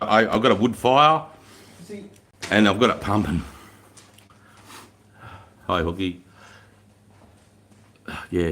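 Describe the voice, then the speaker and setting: A man's voice: deep voice, pushed and bright. A middle-aged Australian man hosting a casual livestream from home, chatting with viewers and swearing freely, with plenty of "mate" and "bro". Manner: laid-back, swears freely, laughs easily, lots of mate and bro. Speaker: livestream host. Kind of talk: casual livestream chat reading out viewer comments. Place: indoors at home by a wood fire.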